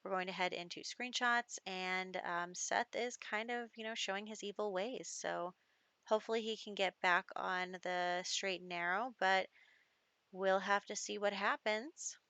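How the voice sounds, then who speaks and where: A young woman talking through her game in a loose, chatty way, laughing and tossing in fillers. Her voice sits at an ordinary mid pitch. The desk mic sounds dry and close, with no room around it. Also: fairly even intonation, measured pace, pushed and bright, no echo. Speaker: gaming YouTuber. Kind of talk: casual gameplay commentary.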